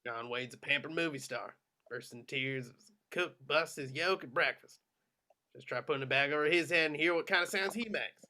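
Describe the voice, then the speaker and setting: A man playing a gruff, folksy army lieutenant. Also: a little high, moderate pace, pushed and bright. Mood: steady, reassuring. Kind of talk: amateur script reading.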